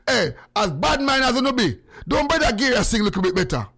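A Jamaican man chatting casually in patois to viewers on a phone live stream, swinging between a high voice and a low one. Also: big pitch swings, fairly quick, creaky, a bit bright, breathy edge, soft background music.

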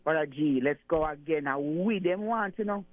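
A man calling in to a radio show, talking in an animated, rambling way. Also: fairly high pitch, normal speed, no room sound. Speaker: caller. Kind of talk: call-in radio chat. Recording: tinny phone line.

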